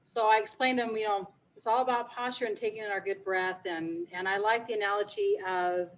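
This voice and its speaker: A woman's voice: medium pitch, fairly even intonation, a little fast, a little hiss or hum, poor audio. A woman band teacher politely asking a guest expert questions for her students.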